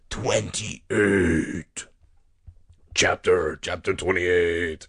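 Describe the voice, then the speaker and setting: A man's voice: lowish voice, expressive, a little slow, slightly rough. A man reading a children's horror book aloud, breaking off for playful, self-mocking asides and swearing. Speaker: reader.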